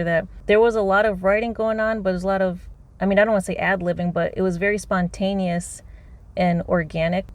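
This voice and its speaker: A woman's voice: fairly low pitch, darkish tone. A woman ranting about a movie from inside her car, exasperated and profane, rambling from point to point. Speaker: movie reviewer. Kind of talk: unscripted rant.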